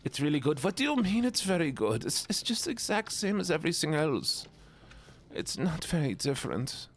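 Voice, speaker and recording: A man's voice: on the high side, very animated, a little hiss or hum, voice pushed up. A man putting on a brooding German-accented voice. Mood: mock-stern. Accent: put-on German. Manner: slow, mock-stern, teasing questions.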